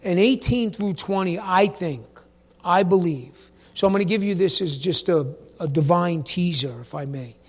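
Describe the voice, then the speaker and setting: Male pastor, very high voice, animated sermon delivery, names people in the pews, quiet asides then loud emphatic bursts. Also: moderate pace. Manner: animated, addresses congregation members by name.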